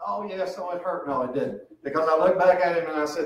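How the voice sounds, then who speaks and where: A middle-aged man preaches a sermon in a relaxed, earnest way. His voice sits a bit high, and it rings through a very echoey church. He sounds some distance from the microphone. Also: fairly quick, hardly any pauses. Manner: earnest, conversational preaching with lively swings and quoted voices. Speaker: pastor. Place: church sanctuary.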